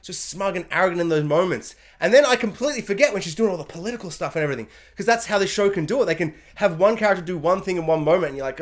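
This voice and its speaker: Reviewing a season of TV, a high-voiced man launches into an animated, effusive rant full of praise. He keeps slipping into short bursts of mimicry of the characters.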